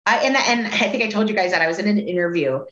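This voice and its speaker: Blunt and candid, this middle-aged woman swears freely in a casual group chat and puts on voices for the people she quotes. She's a fast talker with a mid-range, fairly bright voice, captured in roomy, dull lo-fi audio.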